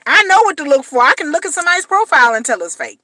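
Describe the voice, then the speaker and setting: A woman delivers a blunt, slangy vlog commentary, hammering her points home with repetition. Her voice sits high and sounds bright and forceful. The recording is dry and close. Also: very animated, very fast, dry recording. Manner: blunt, emphatic, slangy, repeats phrases. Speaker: reality TV commentator.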